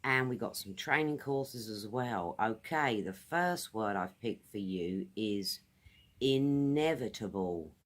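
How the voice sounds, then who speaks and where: Slow-spoken British woman teaching English. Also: rumbling low, animated, a bit bright. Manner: friendly, repeats words slowly for pronunciation. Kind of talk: casual video lesson. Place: outdoors.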